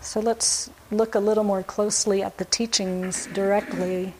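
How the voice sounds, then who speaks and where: Woman teaching buddhist stuff, soft and thoughtful, lots of uhs, bit of faint hiss in the room. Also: mid-range voice, little pitch movement, moderate pace, rough recording. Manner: gentle, reflective, with soft laughs and frequent fillers. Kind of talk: dharma talk.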